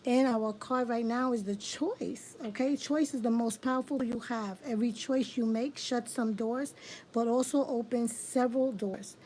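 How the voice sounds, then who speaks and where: A woman's voice: fairly high pitch, warm tone, a little hiss or hum, poor audio. A middle-aged woman hosting a casual livestream tarot reading, affirming and repeating phrases for emphasis.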